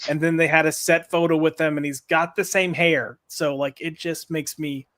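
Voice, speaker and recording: A man with a somewhat high voice, recorded dry and close with little room sound. He chats casually on a podcast panel in a relaxed, wry and somewhat hesitant way. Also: normal speed, no room sound. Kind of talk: casual chat.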